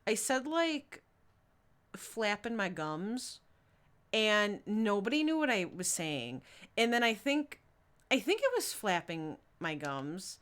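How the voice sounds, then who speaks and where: A young adult woman streams a game and chats casually with her viewers, reading their messages aloud and giggling often. She speaks slowly in a fairly bright, mid-range voice with big swings in pitch.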